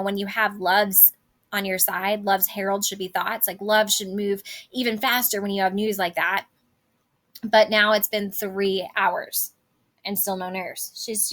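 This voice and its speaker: A woman's voice: mid-range voice, a bit bright. A woman teacher casually explaining a play scene in her own words, with many fillers.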